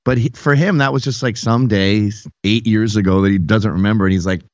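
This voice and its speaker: A man hosting a podcast in casual comedic chat, mocking and animated. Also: lowish voice, fairly quick, no echo. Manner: animated, mocking, puts on voices. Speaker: podcast host. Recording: dull dry lo-fi studio sound.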